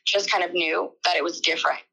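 Woman with a gravelly, bright voice. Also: fairly low pitch, steady tone, poor audio. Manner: halting, emotional retelling with many fillers. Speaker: interviewee. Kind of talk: personal testimony in an interview.

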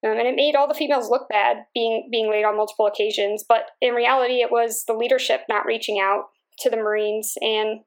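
A woman Marine Corps aviator, answering interview questions in a measured, reflective way with frequent fillers. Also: a little high, fairly even intonation.

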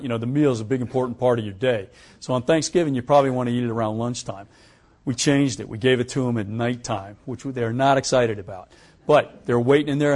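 In this anecdotal lecture, an older man from the United States, once a pilot and now retired, recounts episodes from his working life. His pitch sits in the middle range, and he performs each line of dialogue with spirited chuckles.

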